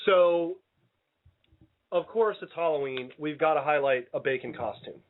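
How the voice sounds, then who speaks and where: A man's voice: on the high side, a little slow. Rambling radio host man, tinny sound. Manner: rambling, self-interrupting, playful. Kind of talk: casual radio chat. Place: radio studio.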